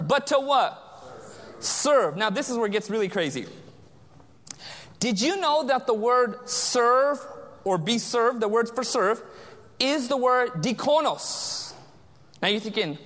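A man's voice: very high-pitched, expressive, a little slow, long pauses, fairly bright tone. A man preaching a sermon as pastor, quizzing the congregation with call-and-response questions. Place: large church sanctuary. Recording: long church reverb.

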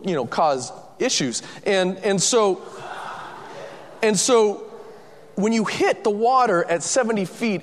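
A man telling a lively, self-mocking personal story to an audience, acting out the voices of the people in it. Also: sits high, long reverb tail.

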